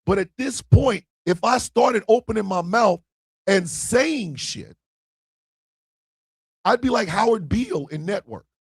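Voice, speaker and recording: A man's voice: high voice, expressive, measured pace, pauses often, slightly rough, dry recording, studio quality. A man hosting an internet radio livestream, delivering a fiery, emphatic monologue. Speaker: internet radio co-owner and host.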